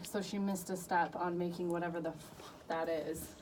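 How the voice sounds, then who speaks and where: A woman's voice: fairly low pitch, moderate pace. A woman in her thirties co-hosting a radio show, telling a story in a casual chat with lots of laughter. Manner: animated storytelling, laughing often. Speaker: radio co-host. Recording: distant mic with faint noise.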